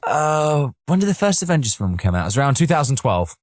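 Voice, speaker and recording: A man co-hosting a comedy podcast, telling an anecdote in lively casual chat and acting out other people's lines. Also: mid-range voice, fast talker, dry recording, studio quality. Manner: lively storytelling, acts out voices. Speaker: podcast co-host.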